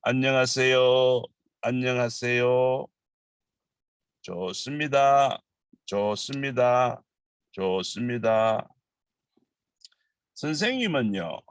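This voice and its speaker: A man from Busan with a Korean accent teaching a language lesson, drilling phrases and explaining in halting English with many fillers. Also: medium pitch, dry recording, poor audio. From Busan, South Korea.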